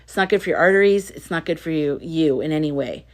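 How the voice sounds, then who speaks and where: A woman's voice: sits low, fast. A woman hosting a casual livestream, chatting and reading viewer comments in an emphatic way, often repeating herself. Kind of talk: casual live chat.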